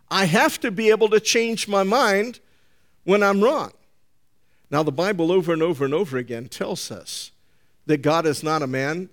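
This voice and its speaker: A man preaching a sermon to a congregation, emphatic and animated, asking the room rhetorical questions. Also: high voice.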